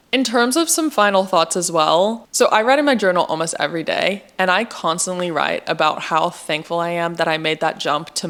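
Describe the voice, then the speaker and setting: A young woman with an American accent talks to camera in a relaxed, candid vlog. Her voice sits a little low for a woman, and she is chatty and upbeat, dropping "like" all through her sentences. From United States. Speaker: vlogger. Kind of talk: casual vlog talk.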